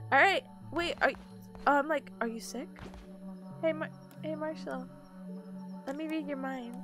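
A woman's voice: sits high, expressive, a little slow, long pauses, fairly bright tone, soft background music. A sleepy woman streamer chatting casually with her viewers, giggling often and greeting people in chat.

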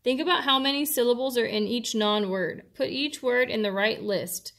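A woman's voice: fairly high pitch, normal speed, fairly bright tone. Patient woman teacher explaining a worksheet. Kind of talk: classroom instruction video.

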